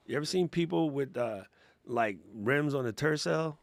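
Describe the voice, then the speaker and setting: A man hosting a casual live Q&A, talking in a slangy, excitable way and laughing often. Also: mid-range voice, normal speed, dry recording. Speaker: livestream host.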